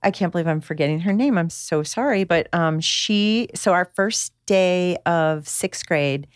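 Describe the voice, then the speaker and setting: A woman's voice: on the low side, measured pace, clean tone, no room sound, clean studio sound. A middle-aged woman in casual conversation, telling stories animatedly and acting out the voices of the people she quotes. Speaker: guest, author and mother.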